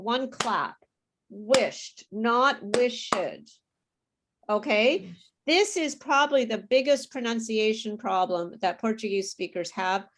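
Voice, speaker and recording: A woman teaching an English pronunciation class, modelling words slowly and patiently for students to repeat. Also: on the high side. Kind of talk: online group pronunciation class.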